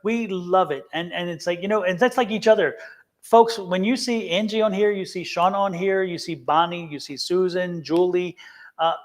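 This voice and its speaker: A man with a high voice co-hosts a live tarot stream as a tarot reader, speaking at normal speed. His casual chat is earnest and emphatic, and he often repeats himself.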